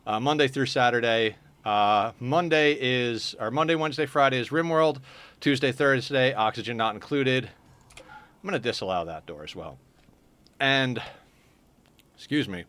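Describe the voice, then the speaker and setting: A man's voice: mid-range voice, normal speed, a bit bright. Chatty man streaming a game live. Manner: chatty, answers viewer chat while playing. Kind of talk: casual live-stream chat.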